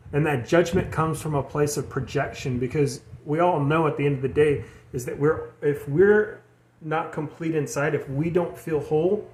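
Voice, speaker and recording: A man's voice: a little high, a little mellow. A young man giving a casual spiritual talk as a tarot reader, rambling, repeating words and restarting sentences.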